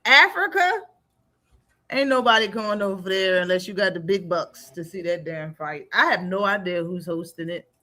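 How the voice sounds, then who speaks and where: A woman hosting a casual live talk stream, blunt and animated, laughing often. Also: on the low side, normal speed, hardly any pauses. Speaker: stream host. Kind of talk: casual chat.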